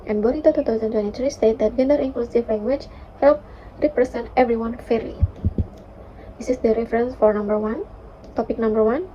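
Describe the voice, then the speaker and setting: A young woman, a university student, reading a class presentation with careful, steady delivery and occasional fillers. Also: fairly high pitch, a little fast, a little hiss or hum. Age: young adult. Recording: dull lo-fi recording.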